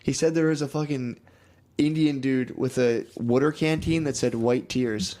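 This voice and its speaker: A man's voice: medium pitch, moderate pace. A young man riffs through a casual comedy podcast, swearing freely and throwing himself into his stories. His voice sits in an ordinary middle register. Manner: crude, animated storytelling with lots of swearing. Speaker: podcast co-host.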